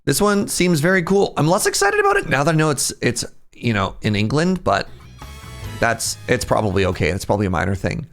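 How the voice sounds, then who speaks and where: A man's voice: medium pitch, sing-song, brisk, creaky, a bit bright. Guy streamer reacting to trailers, laughs a lot, voice jumps around, faint music behind. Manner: chatty, laughs often, thinks aloud. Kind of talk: casual reaction commentary.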